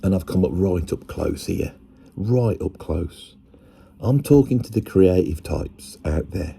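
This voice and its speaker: An Englishman talking to camera in a rambling, self-mocking monologue, often slipping into quick put-on voices. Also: sits low, lively intonation, vocal fry, mellow, breathy edge.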